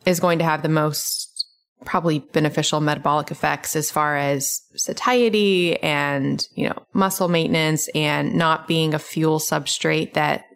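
A woman's voice: sits low, fairly even intonation, unhurried, vocal fry, clear, resonant tone. A woman hosting a podcast, explaining ideas step by step in casual conversation. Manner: explanatory, lays out advice step by step. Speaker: podcast host.

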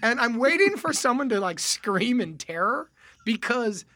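A man in his thirties, a podcast guest, telling a lively anecdote in casual chat and acting out the dialogue as he goes. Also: very high-pitched, measured pace. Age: 30s. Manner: acts out dialogue, laughs through his story. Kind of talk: animated storytelling in casual chat.

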